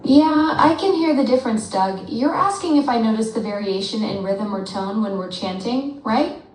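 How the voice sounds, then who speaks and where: A synthetic female assistant voice asking quick, polite clarifying questions. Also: on the high side, animated, a little mellow. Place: played from a phone speaker in a room. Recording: distant, very echoey room playback.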